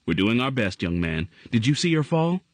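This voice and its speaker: A man playing a calm, reassuring paramedic. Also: medium pitch, moderate pace, no echo, pitched above the performer's own voice, lightly acted. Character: brisk adult male paramedic, calm and friendly.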